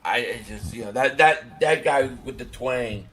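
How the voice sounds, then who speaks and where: A man co-hosting a casual sports podcast, joking and animated, trailing off with fillers. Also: medium pitch, measured pace. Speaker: podcast co-host.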